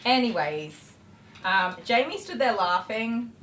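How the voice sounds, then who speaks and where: A middle-aged Australian woman hosting a dog-grooming livestream, telling animated stories with laughs while she works. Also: on the high side, takes it slowly. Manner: animated, laughing, acts out voices in anecdotes. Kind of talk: chatty livestream storytelling while working. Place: indoor grooming room. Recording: roomy echo, faint clipper noise. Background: electric clipper buzz.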